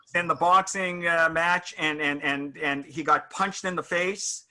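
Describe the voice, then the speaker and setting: A middle-aged man speaks as an interview guest, with a very bright, forceful tone. He is a little higher than most men and wanders through his anecdotes reflectively, stopping and restarting as he goes. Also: steady tone. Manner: reflective, halting anecdotal storyteller. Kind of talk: casual interview chat.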